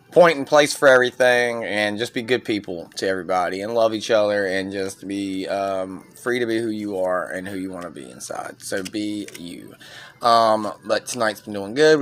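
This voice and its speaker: A man hosting a casual wrestling review podcast, rambling excitedly and swearing freely as he reacts. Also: on the low side.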